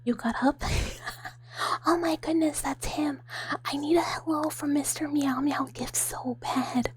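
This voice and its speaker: A woman streamer doing a whispered role-play, chatting softly with viewers in a breathy whisper and giggling often. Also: high-pitched, steady tone, a little slow, slight background noise. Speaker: ASMR streamer.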